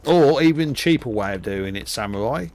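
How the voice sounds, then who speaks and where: An older man is livestreaming a game, talking to viewers in a rambling, profane, jokey way as he gives live commentary. His medium-pitched voice has lively intonation and a normal speed, and game gunfire makes the background noisy.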